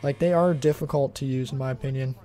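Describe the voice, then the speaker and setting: A man's voice: medium pitch, quick pace, faint music behind. A man casually talking through a gameplay test, rambling and thinking aloud as he plays into a desktop mic. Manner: relaxed, rambling, thinks aloud while playing. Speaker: tech benchmark video host.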